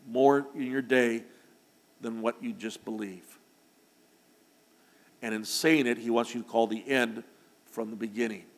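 A man preaching a sermon to his congregation, building to loud, emphatic declarations. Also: medium pitch, big-room sound. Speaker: pastor. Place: church sanctuary.

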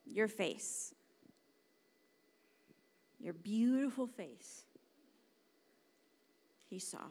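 A woman preaching a sermon, dramatic and emphatic, dropping to hushed whispers and then rising to loud exclamations. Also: mid-range voice, expressive, extremely slow. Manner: emphatic, repeats words for stress.

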